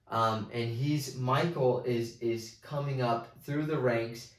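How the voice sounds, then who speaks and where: A man giving a casual movie review, rambling with many restarts and excited retellings. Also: mid-range voice, echoey room.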